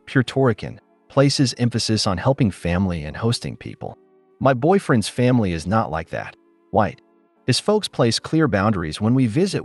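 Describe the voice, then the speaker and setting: A man's voice: lowish voice, dry recording. A man narrating online stories and comments as a scripted read. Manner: lively storytelling reading. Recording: dry voice-over with faint music.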